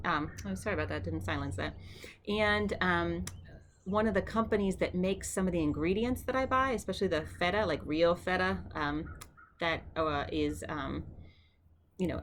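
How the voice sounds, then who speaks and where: A woman's voice: fairly low pitch, a little hiss or hum. Chatty woman teaching vocabulary. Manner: chatty, repeats words slowly for practice. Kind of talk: casual home lesson.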